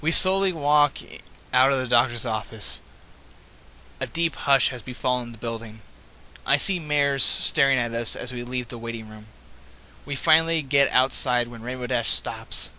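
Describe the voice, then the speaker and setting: A man's voice: medium pitch, normal speed, sharp tone. A man reading fan fiction aloud, breaking off with casual, self-correcting asides. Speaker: reader.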